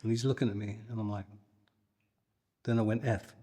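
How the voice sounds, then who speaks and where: An older man, a guitarist, telling a lively anecdote and acting out the people in it. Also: fairly low pitch, moderate pace, in a large hall. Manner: animated, acts out the people in his story. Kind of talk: anecdotal storytelling.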